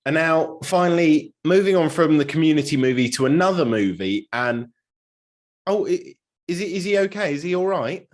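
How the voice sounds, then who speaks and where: A man's voice: a little high, expressive, normal speed. A man interviewing a guest in a casual chat, playful and joking.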